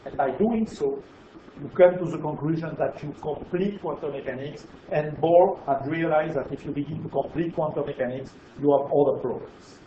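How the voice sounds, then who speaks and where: A man's voice: a little high, normal speed, mellow, slight background noise. A man with a French accent giving a physics lecture, explaining emphatically and checking in with the audience. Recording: roomy, dull lecture hall recording.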